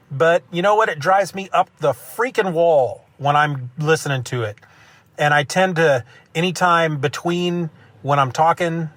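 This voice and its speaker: A man's voice: a little high, fairly bright tone, no room sound. A man hosting his own solo podcast, talking into a phone in a loose, rambling way with self-mocking rants. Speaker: podcast host. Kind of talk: casual solo podcast monologue. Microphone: phone used as mic.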